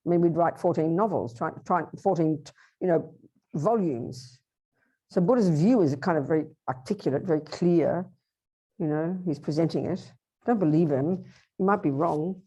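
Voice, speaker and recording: Woman Buddhist teacher, low mellow voice, animated workshop delivery, questions to the room. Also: normal speed, slightly rough. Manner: lively, acts out inner voices and asks the audience questions.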